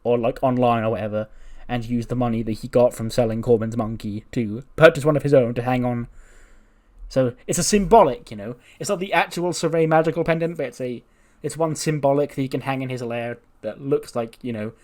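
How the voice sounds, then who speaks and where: A man's voice: mid-range voice, brisk, darkish tone. A man casually commenting on a wrestling management game playthrough, narrating animatedly and laughing often. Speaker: gaming YouTuber.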